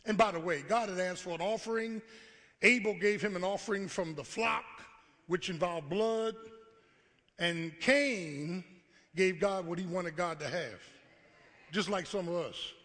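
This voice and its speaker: Man preaching, high bright voice, long church reverb, call-and-response sermon. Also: a little slow. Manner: preaching, rising to shouts, acting out God's voice. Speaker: pastor. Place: church sanctuary.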